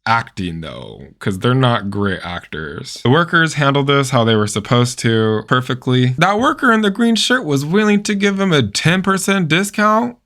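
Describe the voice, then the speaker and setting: A man's voice: medium pitch, normal speed, few pauses. Sarcastic man reacting to video clips. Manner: sarcastic, opinionated, animated outbursts. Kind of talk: reaction commentary.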